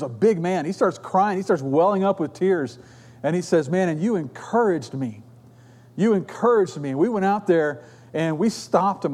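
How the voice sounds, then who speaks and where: A man's voice: sits high, a little mellow. A middle-aged man preaching a sermon, telling stories in an earnest, conversational way.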